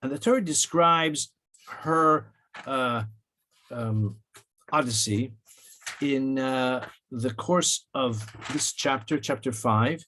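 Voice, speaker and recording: A man giving a weekly Torah lesson in a measured way, quoting Hebrew verses and often rephrasing himself with fillers. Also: medium pitch, pushed and bright. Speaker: rabbi teaching Torah portion.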